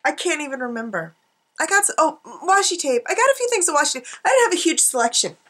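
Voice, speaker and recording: Rambling middle-aged woman vlogger, high bright voice, giggly, talks to a desk camera. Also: sing-song, quick pace. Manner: chatty, giggly, self-mocking asides. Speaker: art journaling vlogger. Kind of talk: rambling casual chat to camera. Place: home craft desk, indoors.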